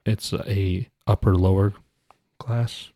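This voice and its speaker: A man's voice: fairly low pitch, steady tone, takes it slowly, dark tone, no echo. A man who is a chef, talking eagerly as a podcast guest. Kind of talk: casual chat.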